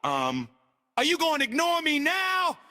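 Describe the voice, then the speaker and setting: A man's voice: very high voice, wildly swooping pitch, measured pace, heavily acted. A man doing a furious sassy taxi passenger. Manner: sassy, drawling, cursing, cries oh my stars. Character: loud furious passenger scolding her old taxi driver. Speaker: performer in a music video. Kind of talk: comic character rant over music. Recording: loud music mixed under the voice.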